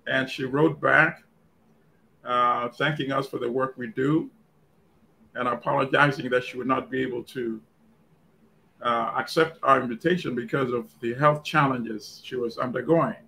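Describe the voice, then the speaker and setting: Gravelly, bright-voiced male co-host. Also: medium pitch, fairly even intonation, slight background noise, rough recording. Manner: deliberate, reflective tribute. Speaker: co-host and weekly radio host. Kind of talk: panel discussion on a podcast.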